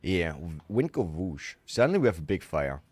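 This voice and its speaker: A man's voice: low-pitched, big pitch swings, normal speed, darkish tone, no room sound. A man livestreaming, reacting to videos with joking, profane live commentary.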